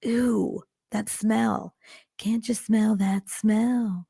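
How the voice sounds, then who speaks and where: Gravelly-voiced woman telling a dark story. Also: medium pitch, fairly even intonation, very slow, no room sound, studio quality. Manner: wry, dark humor, draws out the story. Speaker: podcast co-host and storyteller. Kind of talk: casual true-crime storytelling.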